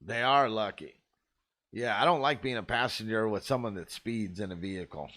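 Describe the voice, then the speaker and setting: A man's voice: fairly low pitch, moderate pace, fairly bright tone. A man host telling rambling, profane stories in a laid-back, casual way. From Arizona. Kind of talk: casual storytelling.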